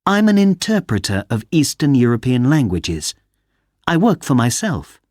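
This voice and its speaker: A man's voice: mid-range voice, sing-song, normal speed, a little mellow, no room sound, studio quality, voice pushed up, lightly acted. A man voicing a cheerful young woman interpreter in a storybook reading, raising his voice well above his own.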